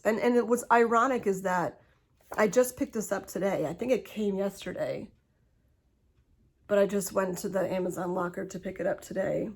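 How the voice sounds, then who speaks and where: A middle-aged woman chats into her phone from home in a loose, unscripted way. She laughs easily and trips over her words as she goes. Her voice sits at a middle pitch for a woman. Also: normal speed, vocal fry. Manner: chatty, laughs often, talks with restarts. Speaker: vlogger. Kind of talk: casual personal vlog. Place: home, indoors.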